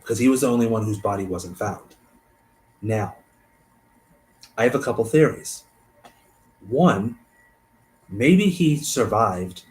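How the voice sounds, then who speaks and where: A man hosting a stream, reading a case aloud and thinking out loud between passages, trailing off and restarting. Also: fairly low pitch, lively intonation, takes it slowly, pauses often, poor audio. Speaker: host.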